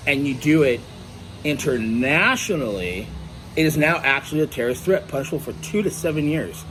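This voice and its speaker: A man's voice: mid-range voice, big pitch swings, a little fast, a little hiss or hum. A man giving an angry, profane monologue to camera at home, blunt and combative. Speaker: vlogger. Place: indoors at home.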